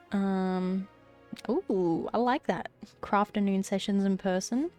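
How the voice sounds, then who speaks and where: A woman's voice: mid-range voice, darkish tone. A congested woman chatting casually on her live stream, rambling and swearing now and then. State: slightly out of breath.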